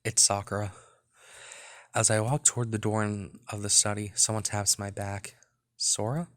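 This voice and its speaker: Low-voiced man reading a game aloud. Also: completely flat delivery, normal speed, a bit bright. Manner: rambling casual asides. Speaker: let's play host. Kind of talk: reading a visual novel aloud with commentary.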